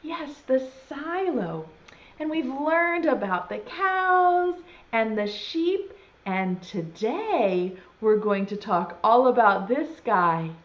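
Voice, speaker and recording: A woman teaching a virtual preschool lesson, talking slowly and in an exaggerated, sing-song way to small children and signing words as she goes. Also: a little high, animated. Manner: uses sign language alongside speech. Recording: dull lo-fi sound.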